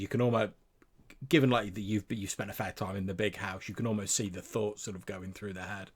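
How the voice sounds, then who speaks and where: A man's voice: lowish voice, steady tone, fairly quick, slightly rough. A man narrating a tabletop game as game master, rambling with lots of fillers and restarts.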